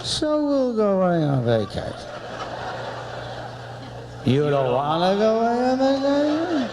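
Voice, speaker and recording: A man's voice: high voice, very animated, a little slow, noisy background, voice pushed up, full character voice. A man voicing a meek, mumbling middle-aged husband placating his wife.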